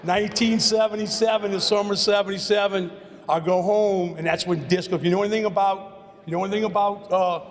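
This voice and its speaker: Late-50s man, slightly high voice, rambling podium speech, long hall reverb. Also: steady tone, a little fast, a little hiss or hum. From Louisiana, USA. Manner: rambling, repeats words, storyteller. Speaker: hall of fame inductee. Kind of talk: acceptance speech.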